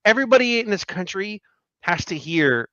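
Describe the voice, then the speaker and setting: A fairly high-voiced man hosts a casual commentary show, riffing over clips with animated, mocking energy. His sound is dry and a little muffled, as if lo-fi. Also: normal speed, dry recording. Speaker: political commentary show host.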